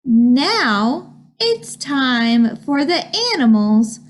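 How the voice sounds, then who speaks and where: A woman reads picture books aloud for preschoolers, very slowly, in a sing-song voice. Her pitch sits somewhat high and swings widely as she acts out animal sounds. The tone is soft and a little breathy. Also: lively intonation. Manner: slow, sing-song reading with animal noises. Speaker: children's librarian. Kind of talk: preschool storytime read-aloud.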